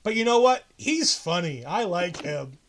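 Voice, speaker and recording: Co-hosting a wrestling podcast, a man with a high voice talks at a measured pace over some background noise. It's a casual recap of a show, and he's animated, acting out quotes and restarting often.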